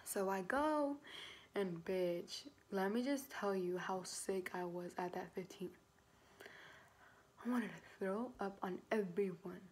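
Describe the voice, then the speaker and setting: A woman's voice: mid-range voice, a little mellow. Chatty young woman telling her story. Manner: chatty, slangy, quick asides with frequent "like". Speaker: vlogger. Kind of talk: casual storytelling.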